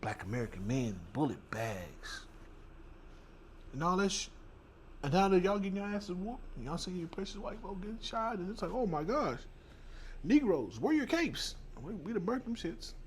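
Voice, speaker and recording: A man's voice: sits high, lively intonation, normal speed. Guy ranting on his channel, blunt and cussing, faint hiss behind him. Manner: blunt, profane, mocking. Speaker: host. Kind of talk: heated commentary.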